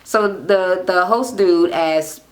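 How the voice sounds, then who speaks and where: A reality TV recap vlogger rants casually about a show in a sassy, animated way, swearing freely and acting out what people said. Her voice is on the low side and she speaks slowly.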